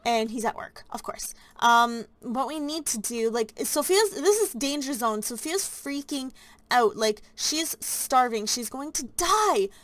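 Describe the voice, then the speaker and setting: A woman's voice: fairly high pitch, expressive, measured pace, no room sound. A woman narrating a life-simulation game in a chatty, anxious way, full of fillers. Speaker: let's play host.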